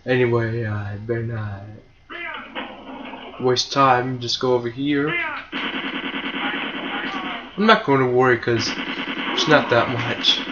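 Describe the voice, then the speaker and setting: A man's voice: mid-range voice, takes it slowly, long pauses. Young man rambling over a game. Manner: rambling, self-mocking, with sarcastic asides. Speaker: gamer commentating his own speedrun. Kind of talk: casual play-by-play commentary. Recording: muffled lo-fi with steady hiss.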